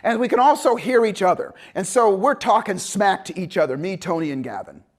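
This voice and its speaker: A man teaching a motivational seminar, telling a story with lively acted-out dialogue and swings between loud bursts and hushed, calm passages. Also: sits high, brisk. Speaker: motivational coach.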